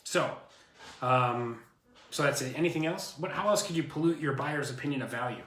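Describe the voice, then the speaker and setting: Male co-host, chatty realtor, bright tone, roomy echo. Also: medium pitch, fairly quick. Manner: animated, rambling storyteller. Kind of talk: casual chat.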